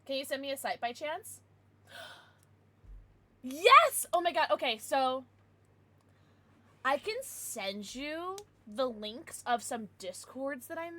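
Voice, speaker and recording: A young adult woman streamer chatting casually with her viewers, with excited outbursts. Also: on the high side. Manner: chatty, answers viewers, bursts of excited squeals. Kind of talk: casual live-stream chat.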